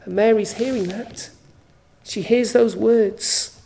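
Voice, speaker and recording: A woman preaching a sermon at a church service, slow and emphatic, with repeated phrases for weight. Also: on the high side, steady tone, gravelly, warm tone.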